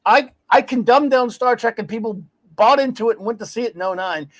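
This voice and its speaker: A man hosting a casual talk show, telling stories in an animated, ranting way and laughing as he goes. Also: very high-pitched, brisk. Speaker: podcast host. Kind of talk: casual chat.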